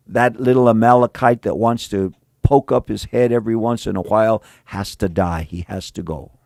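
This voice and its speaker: A male pastor preaching a conversational sermon, mixing slang with Bible reading and swinging between emphatic and hushed delivery. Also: lowish voice, normal speed, vocal fry, no room sound, studio quality.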